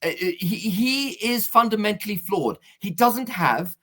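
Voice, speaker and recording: A man's voice: sits high, lively intonation, measured pace, bright, forceful tone. A man arguing his case in a heated political discussion, emphatic and insistent, pressing on over interruptions. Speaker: political guest.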